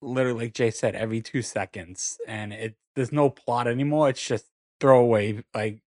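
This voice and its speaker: A man's voice: mid-range voice, normal speed, dry recording, studio quality. A man co-hosting a casual podcast, giving blunt opinions. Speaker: podcast co-host.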